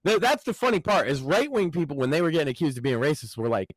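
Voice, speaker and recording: A man's voice: fairly high pitch, expressive, fast, breathy edge, dry recording, low-quality recording. A man filling in as podcast host, talking in a casual, profane, mocking way about politics.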